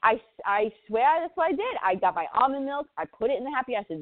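Speaking fast with few pauses, this high-pitched, animated woman in her forties is a parent sharing her story as a radio interview guest. The tinny phone line is dry with no echo, and she's earnest and impassioned, repeating words to stress them.

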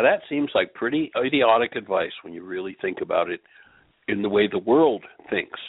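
A man with a gravelly, husky voice speaks earnestly in a measured teaching tone. He tells a story to make his point. The sound is thin and phone-like, as if heard down a telephone line. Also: mid-range voice, no echo. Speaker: radio show host and healing teacher. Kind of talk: spoken teaching with a told story.

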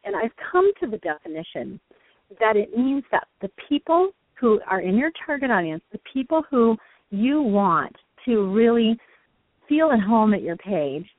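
A woman's voice: a little high, sing-song, normal speed, dry recording. Woman hosting over a tinny phone line. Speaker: host. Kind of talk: conversational teaching on a call-in show.

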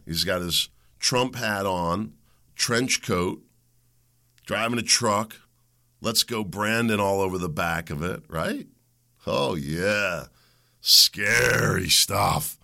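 Gravelly, fired-up ranting man. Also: on the low side. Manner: heated, combative ranting with rising shouts. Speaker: podcast host. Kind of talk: opinionated solo monologue.

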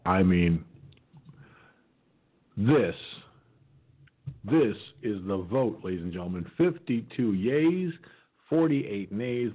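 A man's voice: low-pitched, slightly rough. A man hosting a political talk radio show, rambling with many fillers and restarts, who says he has not eaten and may sound like his mouth is full. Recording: tinny phone-like line.

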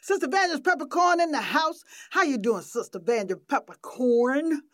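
Playful woman radio host, bright high voice, teasing banter in a dry studio. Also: brisk, no echo. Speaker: radio gospel show host.

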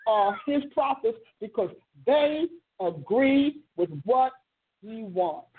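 A woman who hosts a ministry show, teaching a sermon with emphatic storytelling and drawn-out stresses, in a husky voice. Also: fairly high pitch, lively intonation. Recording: tinny phone-line sound.

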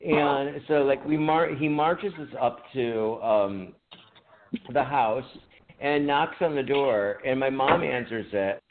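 A man's voice: medium pitch, slow. A man co-hosting a podcast, telling an old story in casual chat, laughing often and swearing. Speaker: podcast co-host. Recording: phone-like audio with faint noise.

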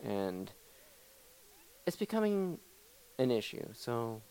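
A man's voice: mid-range voice, sing-song, takes it slowly, dark tone, clean tone. A young man hosting a comedy talk show, ranting in a rambling, profane, mock-serious way. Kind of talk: improvised comedy rant.

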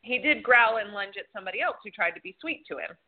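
A woman's voice: mid-range voice, animated, fast talker. A woman co-hosting a podcast in casual chat, telling stories and swearing freely. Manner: chatty storyteller who swears freely. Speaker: podcast co-host. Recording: tinny phone-like sound.

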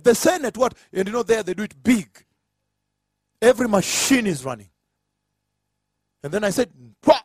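A man's voice: sits high, slightly rough, dry recording. A man preaching a sermon, emphatic, with rhetorical questions and acted-out dialogue.

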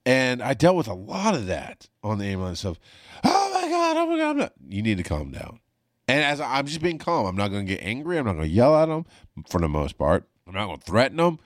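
A former paramedic hosts his own podcast, delivering a casual storytelling monologue that's blunt, profane and rambling. His voice is fairly low, captured at studio quality with no room sound.

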